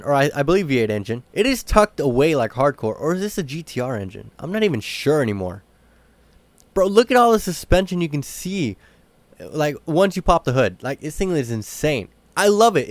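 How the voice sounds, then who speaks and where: An excitable young man talking through a racing game in a slangy, casual way, with a pitch that swings widely. His voice sits a little high for a man and sounds close and dry, with no room around it. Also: no echo. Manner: excitable, slangy, bursts of shouting at rivals. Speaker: gaming channel host. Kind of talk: casual gameplay commentary.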